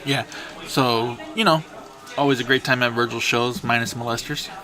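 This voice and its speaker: A man's voice: medium pitch, steady tone, normal speed. A man co-hosting a casual podcast, cracking sarcastic jokes and telling his own story. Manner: sarcastic, jokey interjections. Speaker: podcast co-host. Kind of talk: casual chat.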